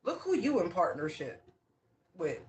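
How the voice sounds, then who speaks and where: Excitable, laughing tarot reader. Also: medium pitch, a little hiss or hum. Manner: excitable, laughs often, drawn-out exclamations. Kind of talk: casual spoken tarot reading to viewers.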